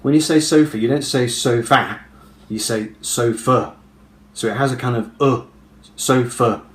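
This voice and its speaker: Man, casual explanatory lesson, methodical, hard-stressed example words, mid-pitched voice, echoey room, faint hum. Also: fast talker, a little mellow. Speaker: video creator explaining pronunciation.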